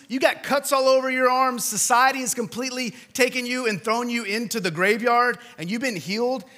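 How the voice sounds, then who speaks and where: Male pastor, bright and somewhat high-pitched, preaching with animated, dynamic delivery. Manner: animated storytelling, swinging from shouts to quiet appeals. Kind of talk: sermon.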